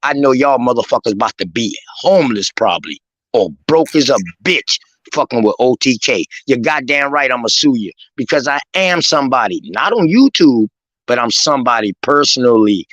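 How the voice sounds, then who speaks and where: A man's voice: medium pitch, expressive, normal speed, a bit bright, no room sound, poor audio. Furious, swearing man on a stream. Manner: angry, profane, confrontational. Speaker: live stream caller. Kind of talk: heated argument on a live stream.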